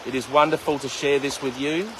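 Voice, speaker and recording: A man speaks a little fast in a medium, fairly even voice while leading guided meditation outdoors by a flowing river, with background noise. Between his guidance he jokes and chats with livestream viewers by name.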